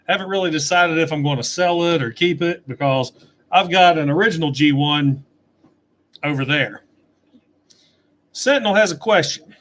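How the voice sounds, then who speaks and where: A man's voice: a little high, fairly bright tone. A middle-aged man chatting casually on a livestream, reading out and answering viewer questions from his desk webcam. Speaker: toy reviewer answering live chat.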